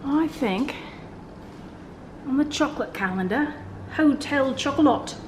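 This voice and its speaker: At home, a woman vlogs about her life, talking to the camera and cooing sing-song at her pets. She speaks high and animated but unhurried, with slight background noise behind her.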